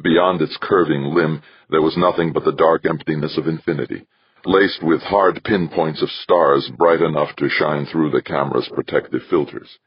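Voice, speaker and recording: A man narrating an audiobook in a measured, steady reading. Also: rumbling low, husky, dry recording, highs cut off. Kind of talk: scripted narration.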